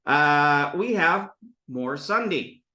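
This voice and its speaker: Man in his 30s, Sanskrit lecturer, lively and digressive, bright voice, acts out examples. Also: on the high side, slow, echoey room. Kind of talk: informal classroom lecture. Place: classroom with students.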